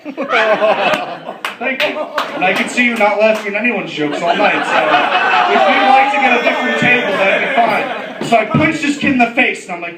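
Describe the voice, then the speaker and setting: A man's voice: high voice, expressive, normal speed, very noisy. A man doing a stand-up comedy set, brash and profane, laughing through his lines. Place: comedy club. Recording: echoey club, distant mic, loud crowd.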